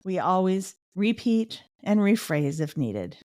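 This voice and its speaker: Middle-aged woman host, lowish voice, earnest personal storytelling, dry close sound. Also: big pitch swings, slow pace, a little mellow, no room sound. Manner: earnest storytelling, with the odd laugh. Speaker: podcast host. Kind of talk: personal advice talk.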